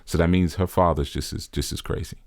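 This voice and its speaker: Deep-voiced man preaching earnestly. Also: steady tone, fairly quick, creaky, no room sound, studio quality. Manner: earnest, preacher-like, repeats phrases for emphasis. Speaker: spiritual teacher commenting on a video. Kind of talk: reflective commentary monologue.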